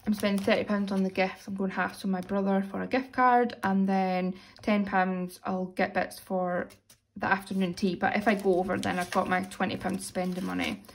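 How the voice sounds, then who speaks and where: Counting cash aloud for her weekly budget, a young budgeting vlogger with a British accent chats and narrates her own actions. Her mid-range voice is slightly hoarse, like she's losing it, and there's a bit of background noise.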